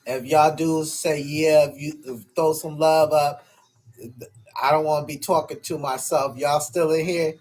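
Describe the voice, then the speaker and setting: A man's voice: on the high side, fairly even intonation, unhurried, darkish tone. A man from New York chatting casually on a livestream. He rambles and swears, with lots of hesitations, and often calls out to his viewers. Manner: rambling and profane, full of hesitations.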